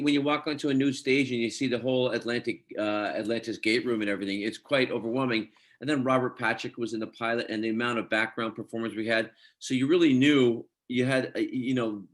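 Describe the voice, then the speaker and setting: A middle-aged man from Scotland, an actor telling chatty anecdotes in an interview. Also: mid-range voice. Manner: chatty anecdotes, quotes others, laughs easily. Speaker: actor guest. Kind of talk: casual interview storytelling.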